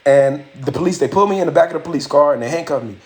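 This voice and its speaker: Man, livestream host, rapid-fire, slightly high voice, animated storytelling, profane. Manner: animated, profane, acts out quoted lines. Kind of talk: casual storytelling. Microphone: phone or webcam mic.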